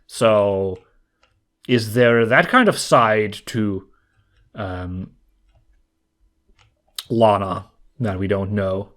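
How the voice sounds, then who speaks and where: A man's voice: on the low side, extremely slow, long pauses, fairly bright tone. A man giving casual let's play commentary, reading game text aloud and adding chatty, amused asides.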